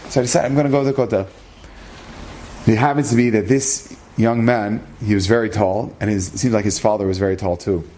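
A man's voice: fairly low pitch, steady tone, brisk, mellow, slight background noise. A man telling a religious story as a lesson, earnest, acting out the dialogue and using Hebrew terms.

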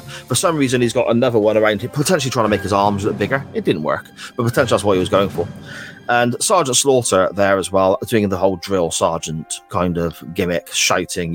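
A man co-hosting a wrestling podcast, recapping a clip in a sarcastic, sweary, casual way. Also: lowish voice. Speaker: podcast co-host. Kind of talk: casual chat.

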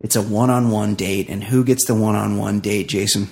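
A man casually recapping a reality show on a podcast, animated and quick to swear, acting out the people he quotes. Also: on the low side, gravelly. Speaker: podcast co-host.

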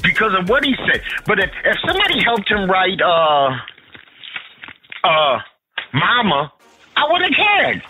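A man's voice: sits high, a little slow, long pauses, over music, rough recording. A man from Harlem talking casually and bluntly, swearing often and restarting his sentences as he argues his opinions. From Harlem, New York. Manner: animated, profane, opinionated, many restarts. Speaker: podcast co-host. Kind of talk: casual chat.

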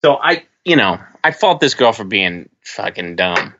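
A man co-hosting a podcast, giving casual opinions in a relaxed chat with many restarts. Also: on the low side, measured pace, dull audio. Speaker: podcast co-host.

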